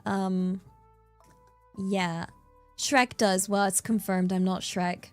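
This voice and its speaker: A woman chats on a livestream in a loose, rambling way, full of fillers and playful asides. Now and then her voice jumps up in excited bursts. Soft music plays faintly behind her. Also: medium pitch, takes it slowly, long pauses. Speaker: streamer. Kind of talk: casual livestream chat. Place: in Japan.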